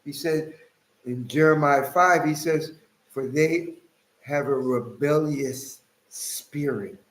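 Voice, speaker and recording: A man giving an impassioned, casual religious monologue, swinging between loud outbursts and low mutters. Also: takes it slowly, echoey room, rough recording. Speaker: religious commentator.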